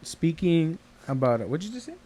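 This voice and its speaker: A man's voice: fairly high pitch, big pitch swings, a little fast, warm tone, a little hiss or hum. A man co-hosting a casual podcast chat, telling long rambling stories and acting out the voices of the people in them. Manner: rambling storyteller, acts out quoted voices. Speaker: podcast co-host.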